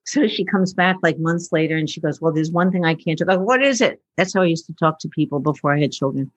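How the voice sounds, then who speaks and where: A woman who works as a futurist talks fast in a deep, steady voice while telling personal stories in an interview. Fillers abound, and she acts out the dialogue. The muffled recording has no room sound.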